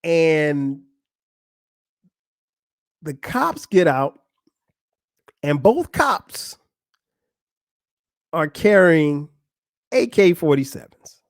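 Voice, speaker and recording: On the high side and extremely slow, this man's voice pauses often as he hosts a podcast, spinning a humorous story in a casual, profane monologue. He animatedly performs others' lines. The studio-quality recording is dry.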